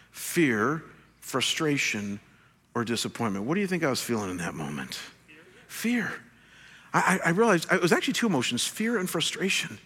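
A middle-aged man preaching a sermon, passionate and animated, with sudden shouted bursts as he tells stories. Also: on the high side. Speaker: pastor. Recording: echoey hall with long reverb.

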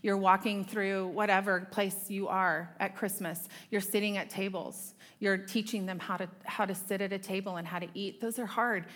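A woman's voice: mid-range voice, fairly even intonation, moderate pace, few pauses, a bit bright. Chatty middle-aged woman teaching a women's group. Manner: chatty, self-deprecating asides to the audience. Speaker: women's ministry speaker. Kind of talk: conversational Bible teaching talk.

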